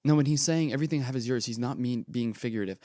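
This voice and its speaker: A man's voice: medium pitch, racing, no room sound. Earnest teenage boy, dry close sound. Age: teens. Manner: earnest, animated retelling with casual asides. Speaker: podcast host. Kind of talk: casual religious commentary.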